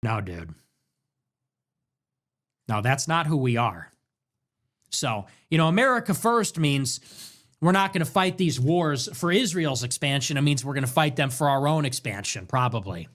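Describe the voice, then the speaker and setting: A man hosting a livestream, delivering an emphatic, declamatory political monologue that builds to shouts. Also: medium pitch, sing-song, moderate pace, pauses often. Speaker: livestream host.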